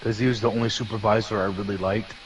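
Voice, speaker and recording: A man's voice: fairly low pitch, level tone, fast talker, a little hiss or hum, low-quality recording. A young man in casual chat, telling stories about an old job and acting out the voices of coworkers. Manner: storytelling, acts out voices of coworkers.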